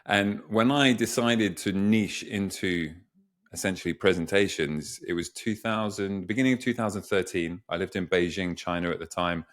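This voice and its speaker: A man, a communication coach, answering interview questions in a reflective, storytelling way with lots of examples. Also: sits low.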